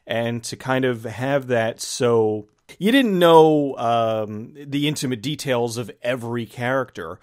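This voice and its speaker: A man's voice: mid-range voice, slow pace, a little mellow. A man hosting a casual movie review chat, rambling and acting out his own reactions as he talks. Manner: rambling, restarts phrases, acts out reactions. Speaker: host of a movie review channel.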